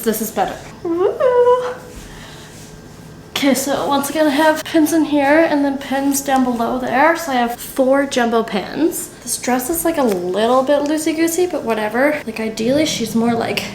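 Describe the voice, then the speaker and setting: A young woman with a slightly high, bubbly voice chats her way through a sewing project. She talks to herself as she works, casual and upbeat, like a DIY vlogger narrating each step. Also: a little hiss or hum. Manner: chatty, bubbly and self-talking while crafting.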